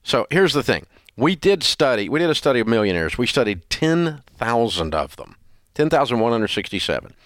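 A man's voice: mid-range voice, big pitch swings, a little fast, fairly bright tone, no echo, studio quality. An older man hosting a radio advice show, blunt and scolding in an emphatic, repetitive way. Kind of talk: call-in advice show banter.

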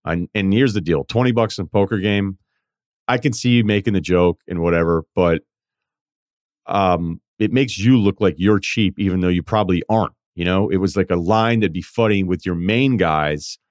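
A man hosting a podcast, chatting casually and telling stories in an animated, conversational way. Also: low voice, moderate pace, no room sound, clean studio sound. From Vermont. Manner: conversational storytelling, animated quoting. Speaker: podcast host. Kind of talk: casual chat, reading listener emails.

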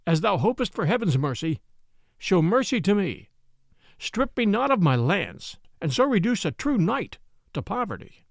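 A man's voice: high-pitched, sing-song, moderate pace, vocal fry, dry recording, studio quality, full character voice. A man voicing a proud, wronged knight who pleads and then speaks sternly, in an old-fashioned storybook reading. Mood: pleading.

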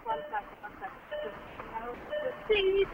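A woman speaks softly and a little emotionally over a phone video call from outdoors. Her voice is high, and the call sounds dull and lo-fi with a faint hiss behind it. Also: huge pitch swings, slow. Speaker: mother on a live call. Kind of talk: casual chat on a call. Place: outdoors at a school drop-off.

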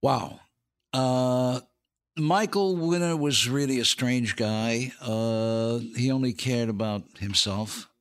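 An older man with a medium-pitched voice takes it slowly as he tells show-business anecdotes as a podcast guest. He's an actor and comedian, and he laughs through his punchlines in this casual storytelling.

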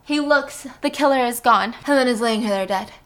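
A woman gives a friend an animated rundown of a movie, acting out lines of dialogue and whispering at tense points. Her voice is fairly high and a bit bright, and her pace is moderate.

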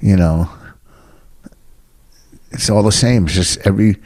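Low-key rambling man. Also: unhurried, a little mellow. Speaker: stand-up comedian and podcast host. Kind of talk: casual chat.

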